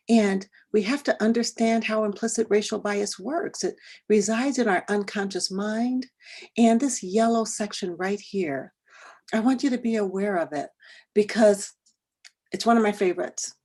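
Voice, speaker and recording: A middle-aged woman leads a workshop with a slightly husky, breathy voice at a medium pitch. She tells a personal story, asks the audience direct questions, and often sinks to a whisper for the thoughts she quotes. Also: measured pace, a little mellow. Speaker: educator leading a workshop.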